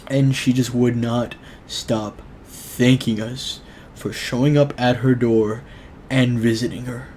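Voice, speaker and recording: A young man hosts his own vlog and tells a personal story in a loose, rambling, earnest way, full of likes and ums. His voice sits in an ordinary middle register. A faint low rumble of noise runs under the recording. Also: fairly even intonation, takes it slowly, a little mellow. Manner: rambling, filler-heavy, earnest. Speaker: show host.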